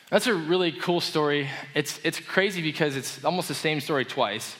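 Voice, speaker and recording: A man preaching a casual, conversational sermon, explaining a story with relaxed enthusiasm. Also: a little high, moderate pace, few pauses. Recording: long reverb of a hall.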